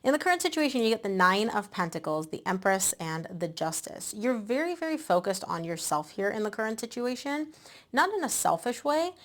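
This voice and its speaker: A woman host giving a casual tarot reading, chatty and animated, a bit out of breath. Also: medium pitch, a little fast. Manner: chatty, animated, with many "like" and "um" fillers. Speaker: tarot reader.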